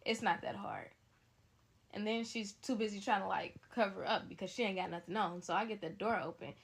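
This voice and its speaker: A young woman telling a story in a casual, blunt, animated way, talking straight to her viewers. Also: mid-range voice, fairly quick, creaky, husky.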